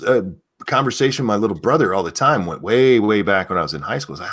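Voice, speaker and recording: Lively low-voiced man riffing crudely. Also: fast, few pauses, husky. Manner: loose rambling crude humor, animated. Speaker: show host. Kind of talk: casual podcast chat reading donations.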